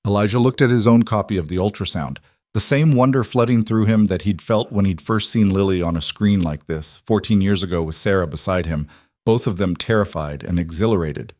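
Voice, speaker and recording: A man with a low voice narrating a scripted drama story. His reading is even and measured, and the recording is dry and close with no room sound. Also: no room sound.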